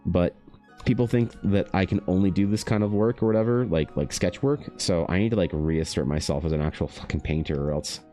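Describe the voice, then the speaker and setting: Deep-voiced man rambling on a stream. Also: a little fast, warm tone, soft background music. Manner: rambling and profane, with sudden jumps up in pitch. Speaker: artist streaming while painting. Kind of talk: casual livestream chat.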